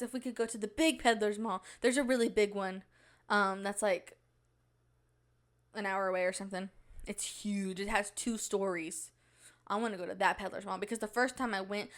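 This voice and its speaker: A young woman of nineteen hosting a solo podcast from a small home studio. She rambles casually, full of likes and ums, in a fairly high voice. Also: fairly bright tone. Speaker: podcast host.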